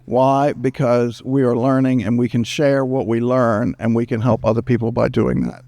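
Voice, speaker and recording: A man from the United States moderating a panel, talking quickly and jokingly into a handheld microphone. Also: medium pitch, dry recording. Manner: animated, jokey, fast-talking. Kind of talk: lively panel talk. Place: screening event room.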